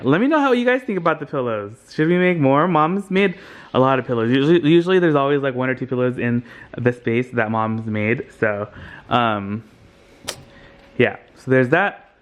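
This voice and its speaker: A man's voice: medium pitch, slight background noise. A man hosting a casual home tour vlog, upbeat and enthusiastic, talking to a handheld camera. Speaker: vlogger host. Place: at home, indoors and out in the yard.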